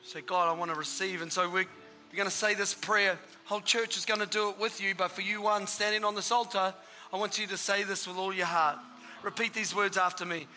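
A man's voice: sits high, fairly even intonation, a little fast, sharp tone, long reverb tail. A man preaching an altar call in a church, exhorting people with repeated calls, recorded live at a service. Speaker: pastor. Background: worship music and congregation.

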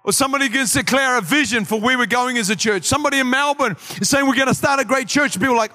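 A man preaching a sermon as pastor, building to shouted peaks and slipping into quick acted asides. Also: extremely high pitch.

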